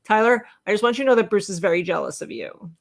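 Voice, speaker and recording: A woman's voice: medium pitch, lively intonation, quick pace, creaky. Blunt, foul-mouthed woman co-hosting a livestream. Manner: blunt, swears freely, reads chat comments aloud. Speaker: livestream co-host. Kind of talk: casual livestream chat.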